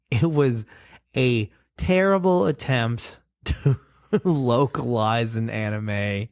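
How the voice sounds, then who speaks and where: A man co-hosting a casual podcast, chatting in a relaxed way and reading out the show's plugs. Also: medium pitch, takes it slowly, no echo, studio quality. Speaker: podcast co-host. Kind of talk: casual chat.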